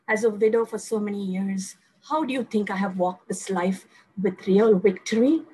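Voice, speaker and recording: A woman's voice: mid-range voice, moderate pace, dark tone, slight background noise, poor audio. An older woman, preaching a fervent testimony sermon and telling stories to her listeners. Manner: fervent, storytelling, addresses listeners as friends.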